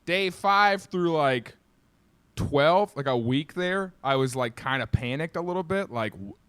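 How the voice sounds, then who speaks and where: Young man, comedian guest, lively swooping voice, slightly high, laughs as he tells stories, dry close sound over a video call. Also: unhurried, clean tone, dry recording. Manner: animated, laughing while telling stories. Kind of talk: casual storytelling chat.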